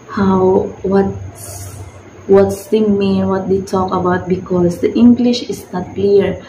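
Filipina woman, filipino accent, slow unhurried talk, echoey room, noisy background. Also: medium pitch. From Philippines. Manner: rambling, many fillers and restarts. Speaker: vlogger. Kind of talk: casual advice vlog.

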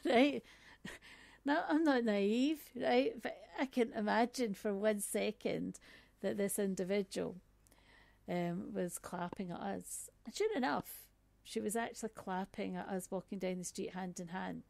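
Woman speaker, low-key gravelly storyteller, chatty with lots of asides, dry recording. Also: measured pace, darkish tone, no echo. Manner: conversational, frequent "right?" and "um" asides. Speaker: speaker on workplace bias. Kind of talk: personal storytelling talk.

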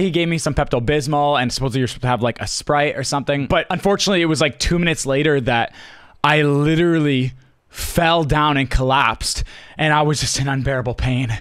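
A young man vlogging, telling a story casually to the camera in an animated, rushed way, full of restarts and quoted lines. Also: on the high side, clear, resonant tone, no room sound, studio quality. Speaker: streamer and vlogger.

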